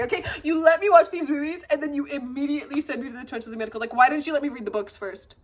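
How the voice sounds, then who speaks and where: A woman in her twenties chatting excitedly in a vlog, gushing and swearing as she unboxes books. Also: high-pitched, fast talker, few pauses. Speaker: vlogger. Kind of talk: casual chat and book unboxing.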